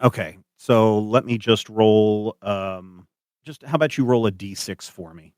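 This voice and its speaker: A man narrating as game master of a tabletop game, animated and hesitant with many fillers. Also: on the low side, a little slow, dry recording, studio quality.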